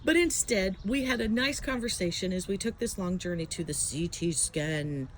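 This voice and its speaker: A woman's voice: medium pitch, moderate pace, a little hiss or hum, rough recording. A woman telling a chatty, self-mocking story to camera, filmed outdoors on a handheld phone. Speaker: vlogger. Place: outdoors at home, letting dogs out. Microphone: handheld phone, no tripod.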